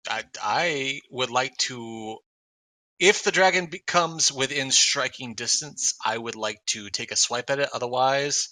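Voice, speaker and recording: A man's voice: mid-range voice, unhurried, bright, forceful tone, dry recording, poor audio. A man playing a tabletop game, joking with the group. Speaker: player. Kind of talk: casual tabletop play.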